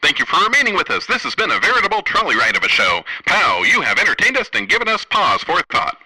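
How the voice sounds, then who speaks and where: Guy doing a pompous old radio announcer captain, super bright, bouncy, all over the place. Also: high-pitched, wildly swooping pitch, fast talker, husky, soft background music, full character voice, rough recording. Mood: grandiose. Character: pompous retired army captain, 1930s man. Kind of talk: 1930s radio acting.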